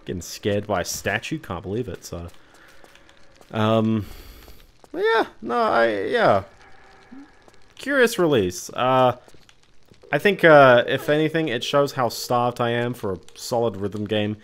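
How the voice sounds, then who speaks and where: A man's voice: medium pitch, big pitch swings, unhurried, fairly bright tone. A man streaming a video game, talking casually and thinking aloud as he plays. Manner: rambling, thinking aloud while playing. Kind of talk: casual gameplay commentary.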